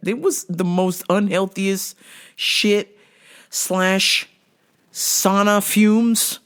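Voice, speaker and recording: A woman hosting her own show, telling a comic story in profane, animated language and laughing often. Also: mid-range voice, very slow, clear, resonant tone. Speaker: podcast host.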